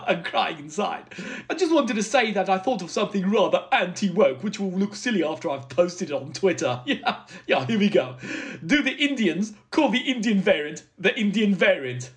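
Guy doing a posh pompous party fop, high and swooping all over, very pleased with himself. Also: lively intonation, moderate pace. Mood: smug. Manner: theatrical, self-satisfied, laughing between lines.

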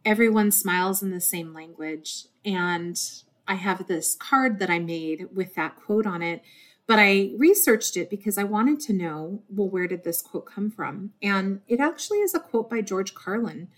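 A woman's voice: mid-range voice, expressive, measured pace. A woman hosting her own podcast, talking earnestly from the heart and getting teary, in a loose rambling monologue. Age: adult with a desk job. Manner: warm, earnest, easily moved to tears. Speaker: podcast host.

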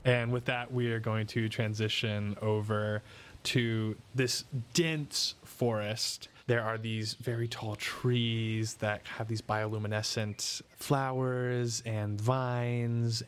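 A man's voice: lowish voice, smooth. Man narrating as game master. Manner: descriptive, relaxed, with fillers.

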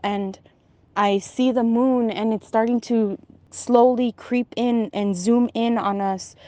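Young woman, casual dream storytelling, intense, emotional, higher pitch, dry room. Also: a little mellow, no echo.

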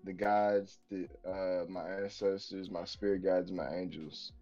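Low-voiced reflective man, lo-fi sound. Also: level tone, mellow, soft background music. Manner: slow, reflective, casual slang. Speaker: podcast co-host. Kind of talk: casual podcast chat. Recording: dull lo-fi sound.

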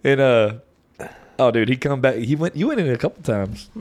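A man's voice: mid-range voice, normal speed. Laughing middle-aged man telling a story. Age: 40s. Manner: animated, laughs while telling stories. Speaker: podcast co-host. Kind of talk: casual chat, storytelling.

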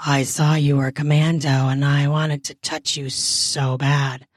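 Eager young man, low murmur, slow, woman's put-on voice, dry. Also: flat delivery, no echo.

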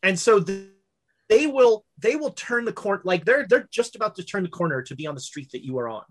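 Brief: female game master, mid-pitched, loose rambling narration full of ums and restarts. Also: expressive, brisk. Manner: rambling, many fillers and self-corrections.

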